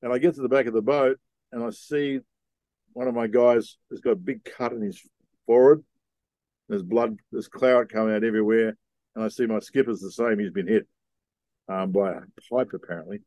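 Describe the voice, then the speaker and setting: A middle-aged man, telling a story in a relaxed, rambling way with slang, as a podcast guest. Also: fairly low pitch, fairly quick, no room sound. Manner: laid-back, rambling, with Aussie slang. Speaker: podcast guest, sea captain. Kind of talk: casual storytelling.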